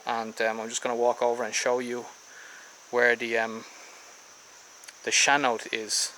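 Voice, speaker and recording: A man's voice: mid-range voice, completely flat delivery, measured pace, bright, forceful tone, a little hiss or hum, rough recording. An Irish man casually showing viewers around a house for sale, rambling a bit with ums and restarts as he walks from room to room. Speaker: vlogger giving a property tour. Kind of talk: casual walking house tour. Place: in and around a house on a tropical island.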